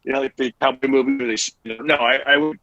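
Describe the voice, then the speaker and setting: A man's voice: mid-range voice, fast talker, dry recording, dull audio. A man in his forties, a podcast host, telling a casual story with lots of fillers and restarts. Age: 40s. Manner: rambling, animated anecdote with many fillers.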